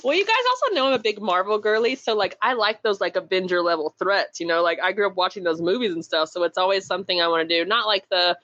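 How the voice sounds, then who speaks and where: A woman's voice: medium pitch, fast talker, few pauses, a bit bright, highs cut off. A woman author, a guest on a podcast, talking casually with lots of fillers and frequent laughter. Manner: chatty, filler-heavy, laughs often.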